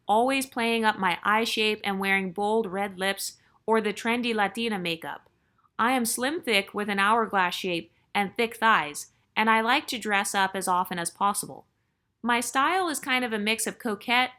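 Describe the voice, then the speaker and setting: A woman's voice: mid-range voice, sharp tone. A woman hosting her channel, reading a viewer's story aloud in a chatty way and breaking in with joking asides.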